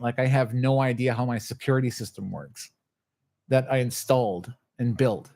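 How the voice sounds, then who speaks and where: A man's voice: mid-range voice, normal speed, a little mellow. A man telling a long, agitated story in a casual livestream, swearing and acting out what others said. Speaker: channel host.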